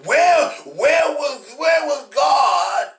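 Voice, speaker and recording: A man voicing a whining, complaining man who shouts and stammers his accusation at God. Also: extremely high pitch, lively intonation, very slow, voice pushed up, heavily acted. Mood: indignant wailing. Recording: roomy echo from a distant mic.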